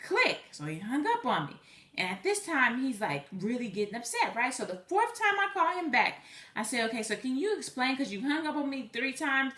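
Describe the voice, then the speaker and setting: Animated woman telling a storytime. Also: high voice, fairly quick, echoey room. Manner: animated, chatty, acts out both sides of a conversation. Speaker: vlogger. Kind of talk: personal storytime.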